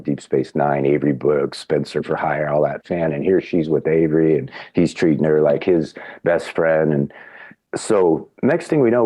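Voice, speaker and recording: Deep-voiced man telling an animated story. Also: slightly rough, no room sound. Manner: animated storyteller, acts out quotes with big pitch jumps. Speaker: podcast guest. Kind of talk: casual anecdote telling.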